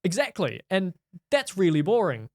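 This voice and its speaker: A man co-hosting a movie podcast in casual, wry chat full of quick jokes and asides. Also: sits high, very animated, dry recording, studio quality. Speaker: podcast co-host.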